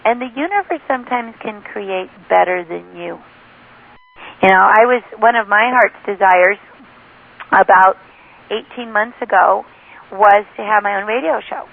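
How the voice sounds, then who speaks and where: Woman author on a phone interview, lively storyteller, thin phone-line sound. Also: mid-range voice, measured pace, gravelly. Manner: enthusiastic storytelling, quotes others often. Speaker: author and spiritual teacher. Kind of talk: phone interview, teaching talk.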